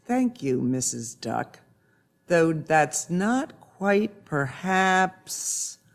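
Guy doing a super polite snuffly pig, slow and fancy-talking. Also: a little high, lively intonation. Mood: courteous. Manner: formal, stately phrasing.

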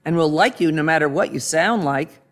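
A man's voice: fairly high pitch, moderate pace, fairly bright tone, close to an everyday voice. A man voicing a friendly, easygoing male barn cat in a storybook, speaking kindly. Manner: kind, easygoing.

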